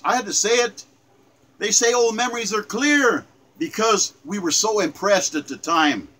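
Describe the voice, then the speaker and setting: A man's voice: high voice, bright, forceful tone, low-quality recording. A man in his seventies earnestly reciting his own sonnet, emphatic and repeating phrases with small stumbles. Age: 70s. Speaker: poet.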